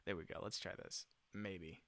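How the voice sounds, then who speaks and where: A young man vlogging in casual, slangy chat, with an excitable manner that swings from loud to soft. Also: sits low, moderate pace, very noisy. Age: young adult.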